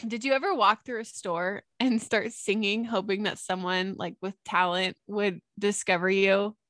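A woman's voice: medium pitch, steady tone, normal speed, a bit bright, dry recording. A young woman chatting casually on a podcast, bubbly and rambling with lots of fillers. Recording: dry close mic.

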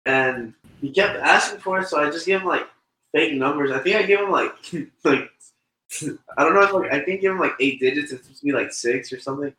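Young dude cohost, bright voice, cusses a lot, echoey room. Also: male voice, a little high, fairly quick. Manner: loose storytelling, swears, laughs often. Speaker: podcast co-host. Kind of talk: casual chat.

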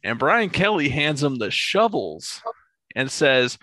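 A man hosting a casual sports podcast, telling stories in an animated way and laughing often. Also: mid-range voice, slow pace, no echo. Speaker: podcast host.

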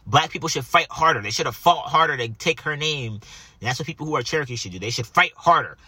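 An opinionated boss lectures on and on, as a young man acts him out in a story. The voice stays bright and husky, with an insistent push. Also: a little high, animated, fast talker, no echo, voice pushed up, exaggerated voice. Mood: lecturing.

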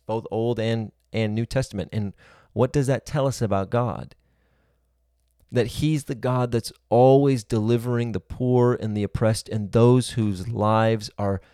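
A man's voice: mid-range voice, warm tone, dry recording, studio quality. A man giving a sermon-style teaching, earnest and reasoning aloud, building his points in long spoken lists.

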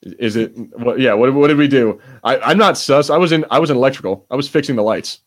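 A man's voice: mid-range voice, fast. A man co-hosting a podcast, rambling and joking with casual swearing. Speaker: podcast co-host.

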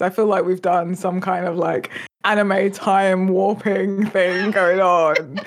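Slow-talking giggly woman host. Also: mid-range voice. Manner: giggly, relaxed, reads chat comments. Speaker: stream host. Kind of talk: casual chat on a live stream.

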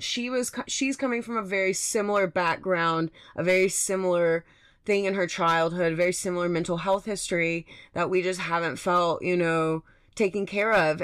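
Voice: medium pitch, a bit bright, clear, resonant tone, no room sound. Fired-up podcast host ranting, dry sound. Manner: impassioned, ranting, swears often; rambling with restarts and tangents. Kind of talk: unscripted solo monologue.

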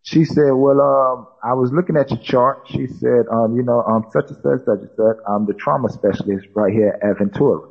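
A man's voice: medium pitch, brisk, gravelly, few pauses, husky, highs cut off. A man from South Carolina, a podcast guest recounting a personal story and quoting others with many "she said" tags. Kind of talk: storytelling in conversation.

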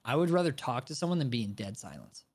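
A man's voice: mid-range voice, very animated, quick pace, a little mellow, slightly rough. A man with a nasal voice co-hosting a casual podcast, joking and mocking in silly put-on voices. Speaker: podcast co-host.

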